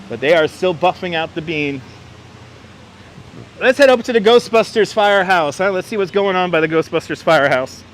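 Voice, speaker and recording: A man's voice: sits high, expressive, normal speed, long pauses, fairly bright tone. A man giving a chatty live-streamed walking tour outdoors on city streets, greeting viewers by name, a little congested from being under the weather, on a wireless clip-on mic. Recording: faint street and traffic noise.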